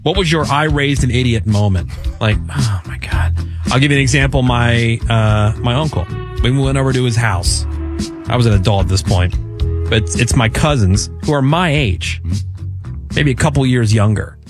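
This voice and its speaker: A man's voice: medium pitch, moderate pace, over music. A middle-aged man hosting a radio show, telling family stories in a chatty, rambling way with lots of fillers. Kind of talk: casual radio banter. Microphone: studio mic.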